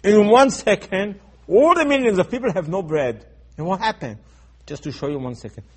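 A man teaching in a sermon style, emphatic and repetitive, acting out dialogue, going from soft asides to loud urgent stresses. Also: sits high, lively intonation, moderate pace, slightly rough. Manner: acts out dialogue in his teaching. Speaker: Torah teacher.

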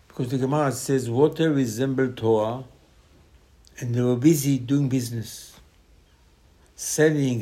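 A man in gives a Torah sermon, telling stories with sudden loud bursts and hushed asides. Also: mid-range voice. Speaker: rabbi teaching Torah.

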